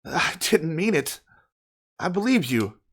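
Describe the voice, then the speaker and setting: Woman playing a timid teen girl, hesitant, apologetic, soft and halting. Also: low-pitched, very animated, exaggerated voice. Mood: distraught. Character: shy nervous teen girl club member. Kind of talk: voicing game dialogue in a let's play.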